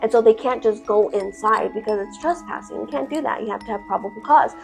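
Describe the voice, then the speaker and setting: A woman's voice: fairly high pitch, fast talker, gravelly, faint music behind. A woman telling a horror story in casual storytime style, chatty, dramatic and full of swearing.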